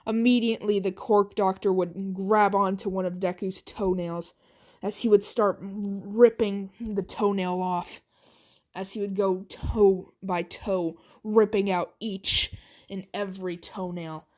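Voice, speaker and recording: A woman narrating an amateur fan story, stuttering with halting restarts. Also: mid-range voice, a little mellow.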